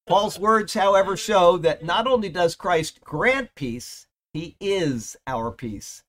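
Pastor, male, fairly high voice, easygoing sermon delivery, reads verses with emphasis, jokes with the room. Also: a bit bright. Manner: conversational, reads scripture aloud with emphatic rises; jokes with listeners between verses. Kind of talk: sermon, Bible study teaching.

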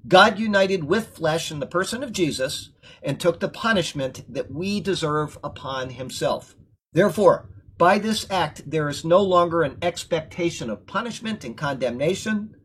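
A man's voice: a little high, husky. A man teaching through a Bible verse, earnest and emphatic, reading a commentary aloud and breaking off for plain asides.

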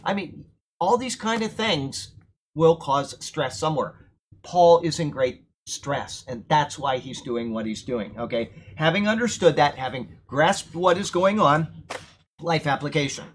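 A man's voice: fairly high pitch, unhurried, slight background noise. Conversational man preaching a verse-by-verse sermon. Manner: conversational, emphatic, checks in with listeners. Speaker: preacher teaching from Bible.

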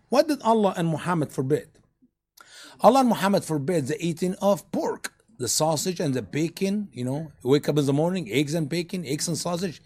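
A man teaching a church study group, emphatic and sarcastic, pushing his voice up into loud peaks. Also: a little high, animated, moderate pace, breathy edge.

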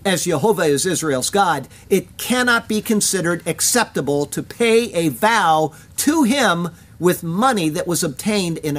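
Measured Bible teacher reading verse by verse. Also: medium pitch. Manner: measured, emphatic reading with Hebrew terms.

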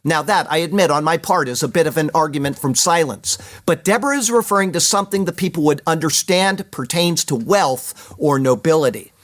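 A man preaching a verse-by-verse sermon, explaining words and reading Hebrew aloud slowly. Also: on the high side, fairly bright tone. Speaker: pastor.

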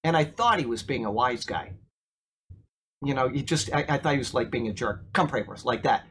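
A man's voice: mid-range voice, moderate pace, a little hiss or hum. A man preaching an informal sermon, telling a story and asking the congregation questions. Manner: storytelling, asks the room questions, repeats words when excited. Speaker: pastor.

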